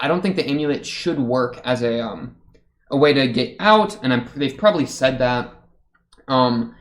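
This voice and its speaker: Casting: young male reaction streamer, mid-pitched, chatty, loose and rambling, quick to laugh. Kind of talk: casual anime reaction commentary.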